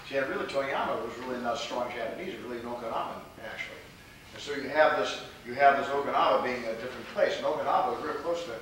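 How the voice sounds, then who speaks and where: A man teaching martial arts as a rambling lecture, repeating himself and filling pauses with fillers. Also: mid-range voice, fairly bright tone. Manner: digressive, repeats words, many fillers. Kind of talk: rambling lecture with audience questions. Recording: distant, very echoey, noisy hall.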